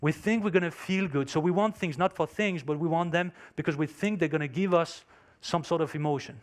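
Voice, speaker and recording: At a conference, a man tells a story in an emphatic motivational talk, his phrasing marked by English being his second language. He speaks a little fast in a slightly high voice.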